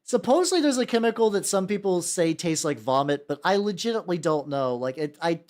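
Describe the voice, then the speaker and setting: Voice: mid-range voice, lively intonation, fairly quick, darkish tone. A VTuber streamer chatting casually at a desk while painting, rambling with many fillers, swearing casually and greeting chat by name. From United States. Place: home workshop desk.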